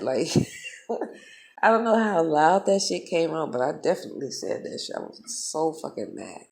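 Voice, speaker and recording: A vlogger with a low-pitched voice and vocal fry tells her audience a story at normal speed. She gets animated, heated and profane, in the easygoing flow of a casual vlog.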